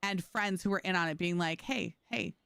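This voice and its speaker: A woman's voice: lowish voice, steady tone, brisk, fairly bright tone, clear, resonant tone, no echo. A woman streamer chatting casually with her viewers while playing, telling stories and laughing often. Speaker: game streamer. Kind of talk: casual livestream chat.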